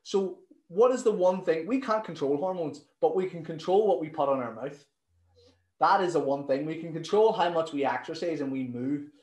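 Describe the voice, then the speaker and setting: A man, a nutrition coach telling stories in a casual interview, animated and swearing freely. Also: a little high, moderate pace, echoey room, low-quality recording.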